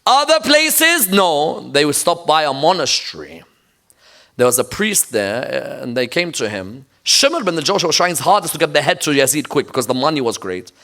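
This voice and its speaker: A man's voice: medium pitch, big pitch swings, normal speed, gravelly, fairly bright tone. A man preaching a sermon in a mosque, telling the story emphatically and checking in with the audience with rhetorical questions. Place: mosque lecture.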